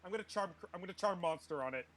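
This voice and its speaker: A man playing a tabletop game, talking through spells and rolls in a halting way, laughing often. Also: high-pitched, lively intonation, heavy background noise. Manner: giggly, halting rules talk. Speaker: player.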